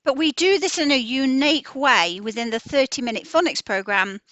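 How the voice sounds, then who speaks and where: A woman educator giving a clear explanatory presentation about teaching phonics. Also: high-pitched, normal speed, a bit bright, no room sound, highs cut off.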